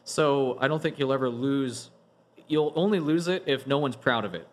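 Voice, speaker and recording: Guy hosting a podcast chat, rambly, lots of "like"s and restarts, mid-pitched voice. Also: normal speed. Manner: rambling, many restarts and "like" fillers. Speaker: podcast host. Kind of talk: casual group discussion.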